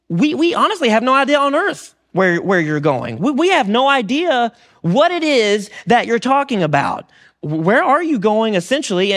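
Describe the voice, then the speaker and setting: High-voiced casual male pastor. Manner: conversational, relaxed with frequent fillers and restarts. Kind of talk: sermon.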